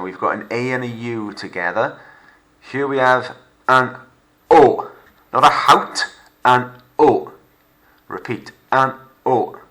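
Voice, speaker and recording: Male teacher, Welsh accent, low pitch, bright tone, recorded lesson narration, playful, slow French modelling. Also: rough recording. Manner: upbeat, playful, models French words slowly for repetition. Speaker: secondary school French teacher.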